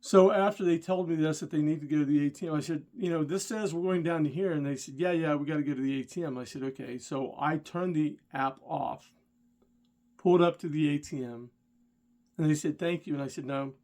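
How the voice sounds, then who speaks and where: A middle-aged man with a somewhat high voice tells a story from his driving days in a casual vlog. He talks straight to the viewer and gets worked up and indignant as he goes. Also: fairly quick, a little mellow. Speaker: rideshare driver and channel host.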